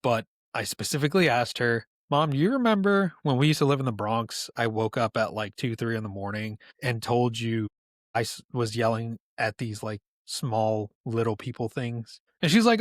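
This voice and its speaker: Casual NY guy in his thirties, lively storyteller, dry close sound. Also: mid-range voice, moderate pace, dry recording. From New York, USA. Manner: animated storyteller, laughs often. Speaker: podcast guest.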